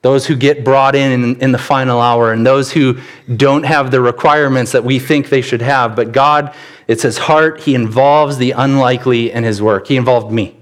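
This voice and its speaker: A man preaching a church sermon, telling stories with sudden bursts of animation. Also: normal speed. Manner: animated storytelling with sudden rises in pitch. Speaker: pastor.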